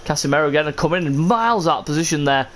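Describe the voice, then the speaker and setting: Frustrated streamer, man, calls his own game with sudden shouts; light background hiss. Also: on the high side, expressive, rapid-fire. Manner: frustrated, exasperated, bursts into shouts. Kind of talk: live game commentary.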